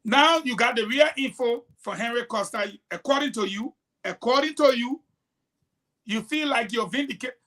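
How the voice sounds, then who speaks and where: A man's voice: very high-pitched, normal speed, sharp tone. A man with a Liberian English accent hosting a political talk show, delivering heated, scolding commentary with rhetorical challenges.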